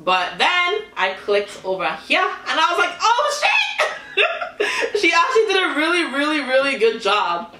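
A young woman chatting casually in a reaction vlog, laughing often and reacting with excitement. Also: high voice, moderate pace, few pauses, recorded from a distance, slight background noise. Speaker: YouTuber reviewing celebrity costumes. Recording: echoey room, voice somewhat off-mic.

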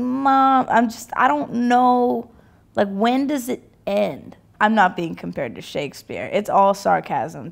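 A young woman in her twenties reads viewer comments aloud and reacts to them. Her delivery is laid-back and sarcastic, with casual swearing. Her mid-range voice keeps slipping into a gravelly fry. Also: mid-range voice. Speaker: musician reading comments.

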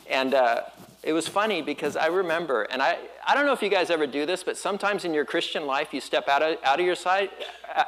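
Male pastor, slightly high voice, easygoing sermon storyteller with surfer slang. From Southern California. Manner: relaxed storytelling with quick laughs.

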